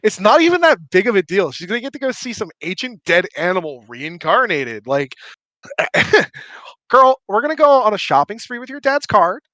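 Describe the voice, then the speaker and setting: A man's voice: high voice, pushed and bright, dry recording, pitched above the performer's own voice, heavily acted. Man putting on a spoiled valley girl. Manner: breezy, condescending valley-girl drawl. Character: dismissive rich teenage valley girl, female.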